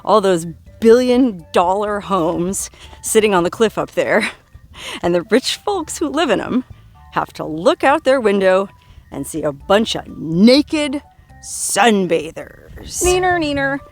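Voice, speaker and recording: A woman's voice: mid-range voice, animated, takes it slowly, faint music behind. A woman narrating a travel vlog outdoors on a coastal trail, in a wry, joking, self-mocking way. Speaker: travel vlogger.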